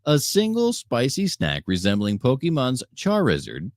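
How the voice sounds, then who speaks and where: A man's voice: medium pitch, huge pitch swings, moderate pace, no room sound, clean studio sound. A man co-hosting a comedy podcast, reading a comedic news script in a mock newscaster manner. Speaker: podcast co-host.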